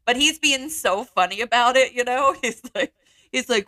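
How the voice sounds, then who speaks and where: A woman's voice: fairly high pitch, moderate pace, sharp tone, dry recording. A young woman co-hosting a podcast, telling a funny work story in a chatty, laughing way full of fillers and slang. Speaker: podcast co-host. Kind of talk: casual chat, storytelling.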